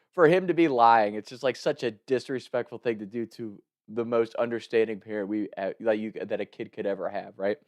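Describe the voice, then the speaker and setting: A man's voice: medium pitch, dry recording, clean studio sound. A man telling a personal story in a casual way, often laughing as he talks. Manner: laughs often while talking, animated retelling.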